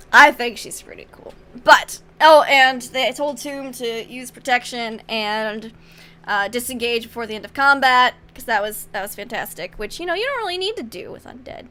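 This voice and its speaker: A woman's voice: fairly high pitch, bright, forceful tone. A woman running a tabletop game as game master, chatting casually with fillers and narrating scenes in an upbeat way. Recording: faint background noise.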